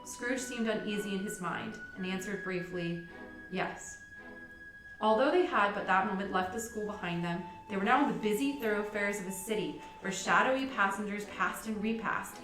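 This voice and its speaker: A woman reading a classic novel aloud in a steady manner, chatty and giggly in asides. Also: mid-range voice. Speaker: library podcast reader. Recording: roomy sound from a distant mic with music.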